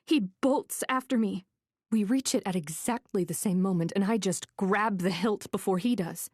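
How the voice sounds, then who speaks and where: A woman reading a first-person thriller audiobook in a tense, measured way. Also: mid-range voice, a little mellow, breathy edge, no echo, studio quality. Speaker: audiobook narrator.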